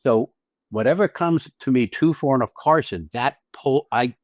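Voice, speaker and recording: At a moderate pace, a slightly mellow mid-range male voice comes through dry. This podcast co-host and acting teacher casually explains acting technique, staying blunt and profane while he stresses points and restarts phrases.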